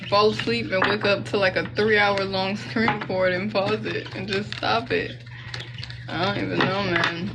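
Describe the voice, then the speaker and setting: A woman's voice: medium pitch, level tone, moderate pace, very noisy. A young woman doing a casual tarot reading, chatty and slangy, rambling into side stories. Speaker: tarot reader.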